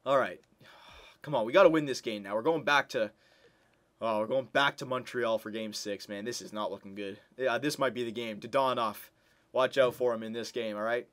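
Male gameplay commentator, emotional and reactive, begs his team on and yells at big moments, mid-pitched voice. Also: normal speed. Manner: emotional, pleading with the team, bursts into excited yelling. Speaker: video game commentator. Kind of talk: hockey game simulation commentary.

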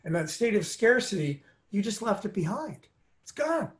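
An earnest, motivational middle-aged man speaking as an interview guest. His voice sits fairly high for a man, and he moves between emphatic bursts and soft, lowered stretches as he tells his story. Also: sing-song, moderate pace.

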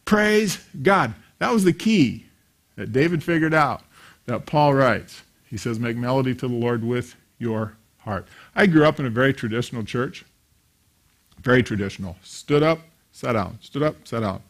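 Telling stories through his sermon, this fifties-aged pastor performs the voices of the characters in each anecdote, drawing on a childhood spent at a small country church. He speaks in a mid-range voice with lively intonation at a moderate pace.

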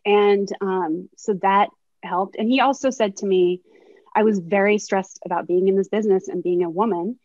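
A woman's voice: medium pitch, moderate pace, a little mellow, no echo. A woman in her thirties, a sports agent speaking as a webinar guest, telling candid anecdotes in a reflective way. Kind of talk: webinar conversation, storytelling. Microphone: video call. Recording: slightly dull lo-fi video call audio.

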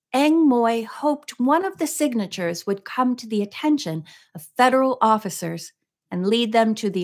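A woman reading a mystery book aloud in a steady narrating voice, now and then breaking off for soft, chatty asides. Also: mid-range voice.

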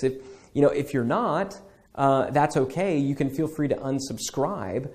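A man's voice: mid-range voice, expressive, a little slow, darkish tone. A man teaching email marketing in a casual spoken lecture, talking conversationally with many fillers and acting out sample emails.

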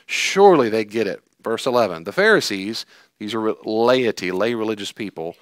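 Animated male preacher, dry sound. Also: no echo. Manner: animated, voices quoted figures, big pitch swings and sighs. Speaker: pastor. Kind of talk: sermon. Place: church hall.

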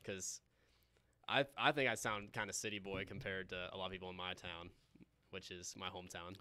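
A young man from the Midwest talks in a smooth, resonant radio voice that sits a little low. He chats easily as a podcast host and laughs a lot. The recording is dry and close. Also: brisk, no echo. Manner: laughs often, relaxed storytelling. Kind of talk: casual chat.

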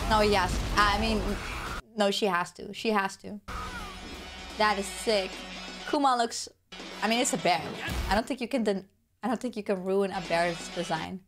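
A young woman with a hoarse voice, gushing through an excited video reaction. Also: medium pitch, unhurried, long pauses, over music. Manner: gushing, exclamatory, fangirling. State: hoarse from illness. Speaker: gaming video creator.

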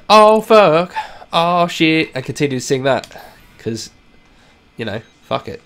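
Excitable man rambling over a game. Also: a little high, slow pace. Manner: rambling, self-mocking, swears, bursts into loud excited yells. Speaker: gaming channel host. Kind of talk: let's play commentary.

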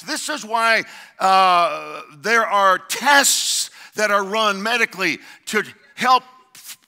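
A middle-aged man preaching a sermon as pastor, building to shouted emphasis and calling out to the congregation. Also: high voice. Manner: preaching with rising shouted emphasis and call-outs.

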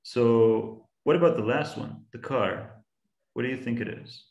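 Man, patient science teacher, online class, mid-pitched voice, echoey room. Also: a little slow, darkish tone, highs cut off. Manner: patient, encouraging, asks students questions. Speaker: science guest speaker teaching kids.

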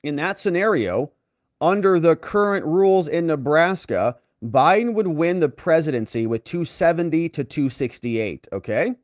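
Animated male political commentator. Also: fairly high pitch, moderate pace, dry recording, studio quality. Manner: animated, emphatic, talks straight to viewers. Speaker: host.

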